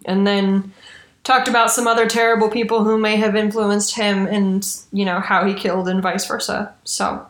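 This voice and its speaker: A woman's voice: medium pitch, level tone, normal speed, reverberant. A woman hosting a casual true-crime podcast, chatty and swearing casually. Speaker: podcast host.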